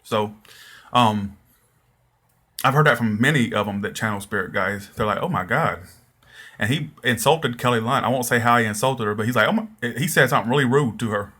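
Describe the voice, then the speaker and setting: A man's voice: medium pitch, fairly quick, bright, forceful tone. Rambling man chatting with viewers. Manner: rambling, laughs often, many restarts. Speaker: tarot reader answering viewer comments. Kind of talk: casual livestream chat.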